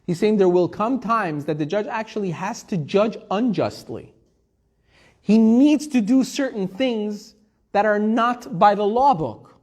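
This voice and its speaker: High-voiced rabbi telling a story. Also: male voice, measured pace, darkish tone. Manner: storytelling with Hebrew quotes; conversational, asks and answers own questions. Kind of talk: Torah class.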